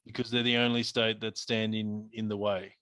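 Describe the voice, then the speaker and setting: A man co-hosting a podcast in casual chat, an animated storyteller who laughs often. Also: lowish voice, moderate pace, dry recording. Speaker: podcast co-host.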